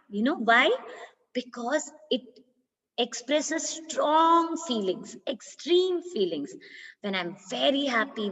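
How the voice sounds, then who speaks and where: A woman teacher with an Indian English accent explaining punctuation in a primary school grammar lesson, slow and patient, often asking if the class follows. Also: a little high. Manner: slow, patient, asks for agreement. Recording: dull lo-fi sound with long reverb.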